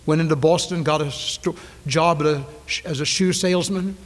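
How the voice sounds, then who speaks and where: A male preacher in a church sanctuary, preaching with a fairly high voice and dramatic swings from ringing declarations to near-whispers. He drives his points home by repeating phrases. The 1990s recording carries a long reverb from the hall. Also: steady tone, moderate pace. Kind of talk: sermon.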